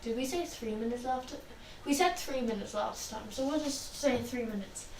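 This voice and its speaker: High-voiced woman telling a fan story. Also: moderate pace. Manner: rambling, chatty, laughs often. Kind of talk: casual fan story role-play chat. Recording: echoey room, distant mic, faint noise.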